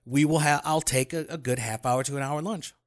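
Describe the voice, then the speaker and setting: A man co-hosting a casual talk show, jokey and defensive, jumping up in pitch when he protests. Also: fairly even intonation, brisk. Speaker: podcast co-host. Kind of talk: casual chat about theology.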